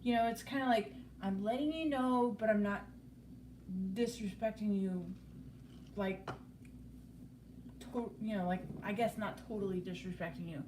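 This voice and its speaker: A woman's voice: medium pitch, normal speed, pauses often. A woman on a live stream chatting casually, rambling and swearing freely, circling back to "you know, it's like". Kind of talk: casual chat. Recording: roomy, distant mic, faint background noise.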